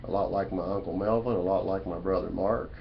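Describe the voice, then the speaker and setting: Lower-voiced man rambling into a webcam. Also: fairly even intonation, fairly quick, creaky. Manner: folksy, preachy, repeats "you know" and "man". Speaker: vlogger. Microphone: webcam mic. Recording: dull lo-fi webcam audio with faint room noise.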